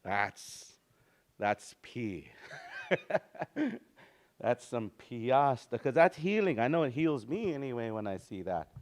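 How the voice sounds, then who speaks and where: A man teaching a language lesson in a relaxed, easygoing way, slowly repeating words for practice and often restarting his sentences. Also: medium pitch. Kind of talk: informal spoken language lesson.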